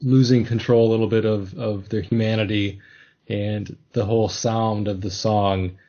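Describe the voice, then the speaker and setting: A man hosts a casual podcast chat in a slightly low, mellow voice with a breathy edge. He talks in a thoughtful, hesitant way, often restarting his sentences. The sound is a little dull and lo-fi. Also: steady tone, moderate pace. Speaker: podcast host.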